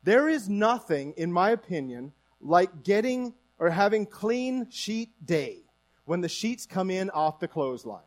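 A man's voice: sits high, sing-song, measured pace. A man from Newfoundland with a Newfoundland accent, preaching a conversational sermon to his congregation and asking them questions. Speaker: pastor.

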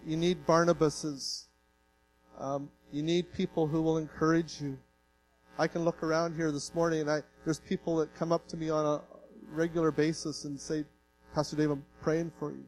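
A man from Canada preaches in an earnest, folksy sermon style, his voice sitting a little high for a man. He tells plain stories and jokes at his own expense before pressing his point with feeling. A faint electrical hum runs under the recording. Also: low-quality recording. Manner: earnest, folksy, emotional, self-deprecating humor. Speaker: pastor.

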